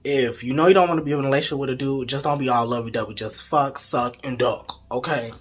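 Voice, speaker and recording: A young man telling a storytime vlog story in an animated, profane, gossipy way. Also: medium pitch, quick pace, slightly rough, soft background music. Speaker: vlogger.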